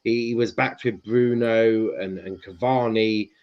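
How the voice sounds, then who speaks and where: A man's voice: lowish voice, fairly even intonation, unhurried. A man hosting a casual podcast chat, hesitant with many ums and restarts. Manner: hesitant, lots of ums and repeats. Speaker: host. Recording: dull lo-fi sound.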